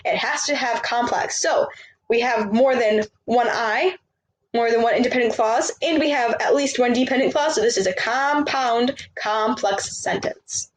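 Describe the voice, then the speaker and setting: A woman teaching grammar, patiently walking through example sentences with quick question-and-answer drills. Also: on the high side, a little hiss or hum, poor audio. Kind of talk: grammar lesson over written examples.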